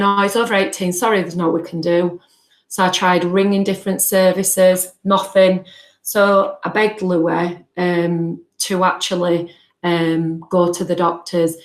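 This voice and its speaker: A woman telling her story as a guest on a podcast, in an earnest, halting way. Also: fairly low pitch, roomy sound, poor audio. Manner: earnest, halting, acts out remembered dialogue. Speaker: guest, bereaved mother. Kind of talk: personal storytelling in a podcast interview.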